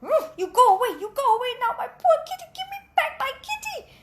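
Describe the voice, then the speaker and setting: A woman doing a shrill, frantic cat owner. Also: big pitch swings, a little fast, fairly bright tone, roomy sound, heavily acted. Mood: frantic scolding. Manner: shrieking, scolding.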